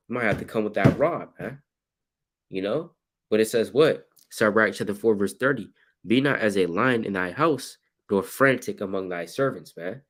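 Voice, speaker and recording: A low-voiced man teaching scripture in loose street slang. He acts out little scenes and breaks into sudden shouts.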